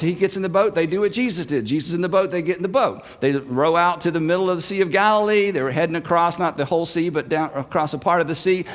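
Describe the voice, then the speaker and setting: A male pastor with a high-pitched voice delivers a sermon as animated storytelling. He swings from loud, emphatic moments to quiet, intimate asides, and a long reverb from a large hall trails every phrase. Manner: lively storytelling, shifting between loud and hushed.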